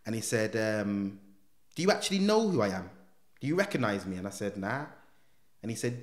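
A man's voice: medium pitch, reverberant. A man, a guest in a casual interview, telling his story with street slang and acting out the dialogue. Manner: animated storyteller who acts out quoted dialogue, street slang. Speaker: guest, former gang member turned motivational speaker.

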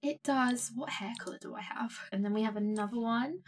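A young woman gives casual, excitable commentary while playing a life-sim game, gasping and gushing as she goes. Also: a little high, a little fast. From England. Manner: gushing, excitable, gasps often. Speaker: gaming streamer.

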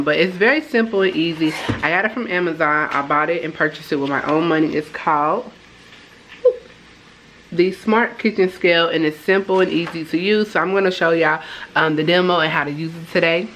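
A woman's voice: low-pitched, a bit bright, slight background noise, poor audio. A woman vlogging casually from her home kitchen, chatting upbeat to viewers and calling them y'all. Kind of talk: casual vlog chat.

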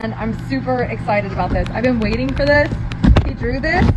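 A woman in a casual unboxing vlog, gushing and excitable, repeating herself with delight. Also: a little high, brisk, loud music behind the voice, low-quality recording. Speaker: vlogger unboxing a gift.

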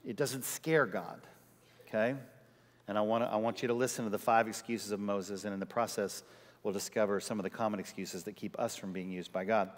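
A male pastor preaching a sermon, telling a personal story with lively quoted voices. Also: lowish voice, fast. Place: large church sanctuary. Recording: church hall reverb.

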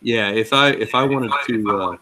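A man's voice: on the low side, moderate pace, pushed and bright. A man co-hosting a casual podcast over a video call, talking in a blunt, irritated way. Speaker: podcast co-host. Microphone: video call mic. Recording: noisy video call line.

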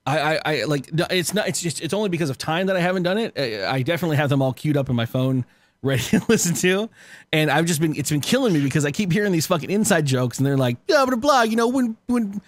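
A man's voice: a little high, animated, fast, no room sound. A man co-hosting a podcast in casual chat, tipsy, laughing and swearing as he rambles. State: tipsy from cocktails. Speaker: podcast co-host.

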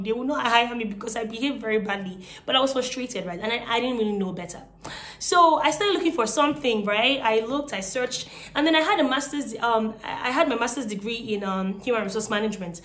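A woman's voice: a little high, a bit bright. A young woman from Nigeria with a Nigerian accent, casually telling her own story to the camera in a chatty way, with many fillers. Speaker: vlogger.

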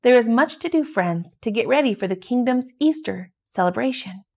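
A woman reading the lines of a kind, gentle king and father in a storybook. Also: fairly high pitch, animated, moderate pace, gravelly.

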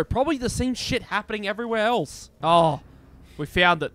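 A young man doing casual let's-play commentary as a gaming streamer, joking, swearing and reacting loudly to what happens on screen. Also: high-pitched, moderate pace. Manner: excitable, swearing, jokey.

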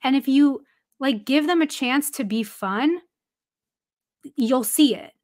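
A woman's voice: sits high, slow pace. A woman who is a baseball reporter, guesting on a podcast and telling a story casually with plenty of "like" fillers and some laughter.

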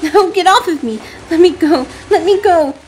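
A woman voicing a terrified young woman in a story game, her voice shrill and broken. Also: moderate pace, a little mellow, faint music behind. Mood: screaming panic.

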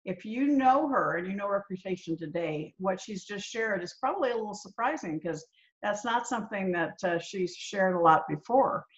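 A woman's voice: medium pitch, expressive, moderate pace. A woman hosting a podcast, jumping in with reflective, chatty asides. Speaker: podcast host. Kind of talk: conversational interview. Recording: dull lo-fi sound.

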